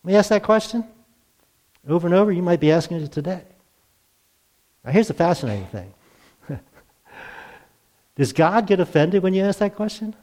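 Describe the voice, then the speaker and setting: A man's voice: high voice, lively intonation, moderate pace, long pauses, a little mellow. A male pastor preaching a sermon in a conversational way, asking rhetorical questions. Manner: conversational, asks rhetorical questions, acts out quotes.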